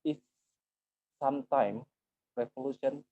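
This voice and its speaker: A man, speaking haltingly with many pauses in an online group discussion over a video call. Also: mid-range voice, vocal fry, a little hiss or hum. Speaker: discussion participant. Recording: dry, dull video call audio.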